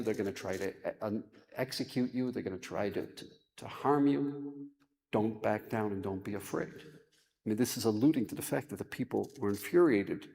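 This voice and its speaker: Male rabbi, mid pitch, dramatic sermon delivery, long hall echo. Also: vocal fry, a little mellow. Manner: dramatic, chants verses then explains. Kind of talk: teaching a sermon.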